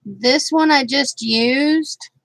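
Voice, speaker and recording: Slow-talking, chatty woman crafter. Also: high-pitched, fairly bright tone, dry recording, rough recording. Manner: chatty and rambling, greeting viewers by name; laughs often, trails off with fillers. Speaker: craft channel host. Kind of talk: casual live crafting chat.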